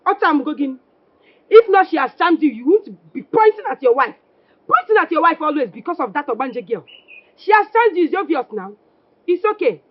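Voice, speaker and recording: A woman's voice: very animated, fairly quick. A Nigerian actress playing a jealous wife who taunts and mocks her husband in a film drama. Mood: scornful. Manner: taunting, mocking, shrill. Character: scolding jealous wife, adult woman. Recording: slightly muffled dry film audio.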